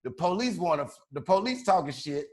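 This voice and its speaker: A man's voice: on the high side, animated, a little fast. A man from Chicago telling a wild story on a podcast in a loose, profane, slangy way, laughing as he goes. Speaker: podcast co-host. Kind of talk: casual storytelling.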